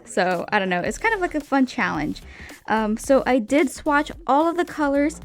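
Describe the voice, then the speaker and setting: A young woman doing a chatty, rambling voiceover with many fillers and little laughs. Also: on the high side. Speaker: art youtuber. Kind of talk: casual voiceover narration. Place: home, voice-over over a speed paint. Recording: voice-over with faint background music.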